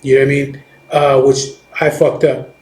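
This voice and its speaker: A middle-aged man, a biker, tells a story in rough, profane, rambling talk, circling back over his words. His voice sits at an ordinary pitch and bounces off the walls of an echoey room. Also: flat delivery, normal speed, a little mellow. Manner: profane, rambling, with many restarts and "you know what I mean". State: recovering from chemotherapy. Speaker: biker telling a personal story. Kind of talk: casual storytelling.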